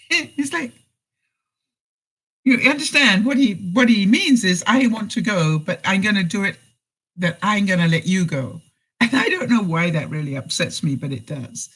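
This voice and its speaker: A husky, somewhat bright mid-range voice belongs to a middle-aged woman vlogger reading viewer comments on a live stream, heard on a low-quality recording. Her intonation is lively and her pace unhurried with long pauses as she tells stories, acts out quoted lines, laughs a lot and gives life advice.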